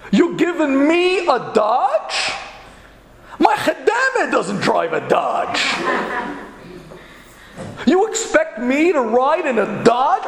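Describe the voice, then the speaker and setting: A snobbish, indignant businessman, as a man telling the story puts him on, whines in a high, shouting, lively voice. The gravelly tone rings in an echoing hall. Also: a little hiss or hum, exaggerated voice.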